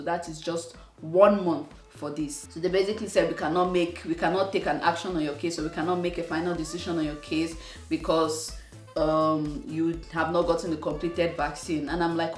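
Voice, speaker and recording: A woman from Nigeria with a Nigerian accent, telling a personal story to her channel in an animated, exasperated way. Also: sits low, moderate pace, echoey room, recorded from a distance, faint music behind. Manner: animated, exasperated retelling with acted-out quotes. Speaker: vlogger. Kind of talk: casual storytelling to camera.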